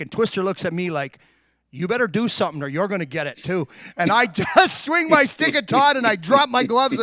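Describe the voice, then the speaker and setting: Animated man telling hockey stories. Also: sits high, no room sound, studio quality. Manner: animated anecdotes, acts out quotes. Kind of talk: storytelling on a live stream.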